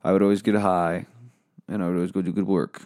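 A man's voice: deep voice, flat delivery, quick pace, warm tone, no room sound, clean studio sound. A man giving a profane comedic rant, weary and bitter, flaring into angry outbursts.

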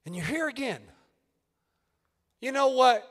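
A man preaching at a youth meeting, swinging from shouted appeals down to hushed, near-whispered lines. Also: very high-pitched, animated, takes it slowly, pauses often. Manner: rises to shouted calls, then drops to near-whispers. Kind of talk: fiery sermon. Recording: reverberant church hall.

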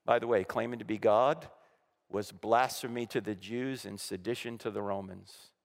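A man's voice: on the low side, steady tone, moderate pace, creaky, in a large hall. A man preaching a sermon to a congregation, emphatic and full of rhetorical questions, acting out the voices he quotes. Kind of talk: sermon with slides. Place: church auditorium.

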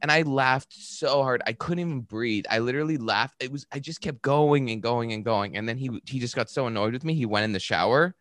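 A man's voice: mid-range voice, a little fast, few pauses, no echo. A man, a comedian guest on a podcast, telling crude stories in casual chat and laughing through them. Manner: animated storyteller, laughs through his own tales.

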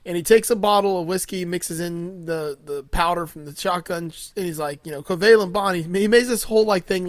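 Male podcast host, higher voice, crude casual recap, dry close sound. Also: dry recording. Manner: crude, laughing, full of fillers.

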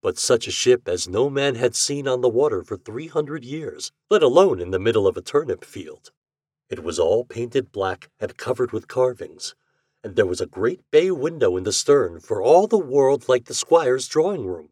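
A man reading a story aloud as a podcast narrator, with an expressive reading style. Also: mid-range voice, moderate pace, dry recording, clean studio sound. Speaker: podcast reader.

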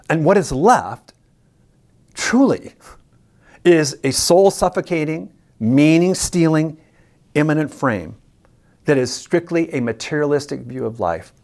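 A preacher teaching a sermon on scripture, speaking emphatically and deliberately. The preacher repeats words for stress and puts questions straight to the listeners. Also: medium pitch, a little mellow. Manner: addresses listeners directly with questions.

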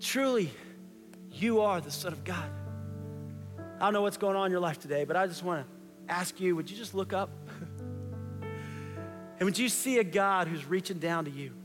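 A man's voice: high voice, normal speed, long pauses, big-room sound, music in the background. A man preaching a sermon as pastor, conversational and impassioned, repeating key phrases.

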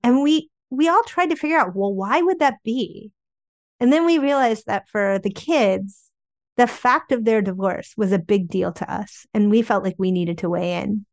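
A woman author telling candid family stories in an interview, chatty and animated, often saying "like". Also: mid-range voice, moderate pace, dry recording, clean studio sound. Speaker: memoir author guest.

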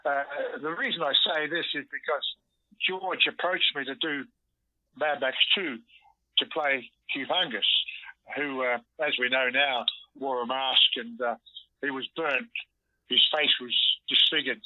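An older Australian actor, heard over a phone line, telling lively anecdotes and acting out the lines he quotes. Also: mid-range voice, a little slow, dry recording. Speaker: guest actor. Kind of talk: storytelling interview. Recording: dull lo-fi phone audio.

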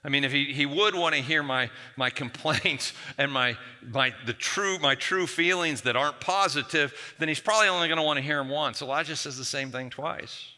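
A man's voice: moderate pace, few pauses, pushed and bright. A man pastor preaching a sermon to a congregation, acting out the whiny complaints of biblical figures in a raised voice. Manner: acts out whiny biblical quotes in a raised pitch. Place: church hall. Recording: long hall reverb.

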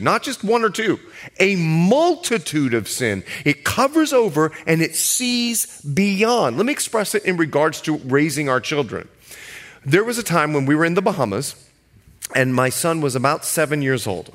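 A middle-aged male pastor preaching a sermon, telling stories with animated, shifting pace and acting out quotes. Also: on the high side.

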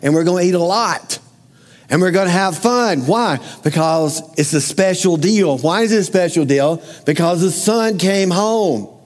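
A man's voice: high voice, a little slow, in a large hall. A man preaching a sermon to a congregation in a conversational way, asking them direct questions. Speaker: pastor.

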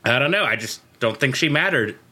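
A man's voice: medium pitch, animated, brisk, pushed and bright. A man co-hosting a podcast, recapping a TV episode in casual, joking chat from his notes. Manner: joking, chatty, reads from notes. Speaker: podcast co-host.

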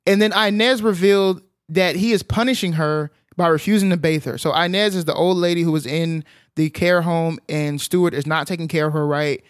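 A man casually retelling a film's plot as a podcast co-host, animated and full of filler sounds. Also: fairly high pitch, fairly quick, smooth, no room sound, studio quality. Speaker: podcast co-host recapping a film. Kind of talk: casual film recap chat.

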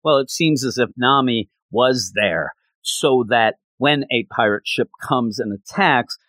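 A man giving a casual recap of an anime episode, telling it with animated, acted-out quotes. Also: medium pitch, measured pace, no room sound. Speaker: anime reviewer.

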